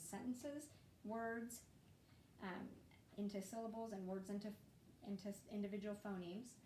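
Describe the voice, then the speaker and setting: A woman's voice: medium pitch, darkish tone. A woman giving a reading lesson to parents, explaining patiently and demonstrating sounds. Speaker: reading teacher. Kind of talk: instructional video lesson. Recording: echoey room with faint noise.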